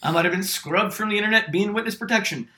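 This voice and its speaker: A young adult man with a bright, high voice tells a story at a quick pace. He co-hosts a podcast, and in this casual storytelling chat he's an animated narrator who acts out the voices of the people he quotes.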